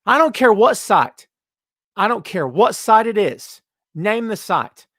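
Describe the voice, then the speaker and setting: A man's voice: high voice, very animated, slow, fairly bright tone, no room sound, clean studio sound. A man hosting a wrestling podcast, ranting emphatically and repeating himself, then answering chat questions casually. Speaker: podcast host.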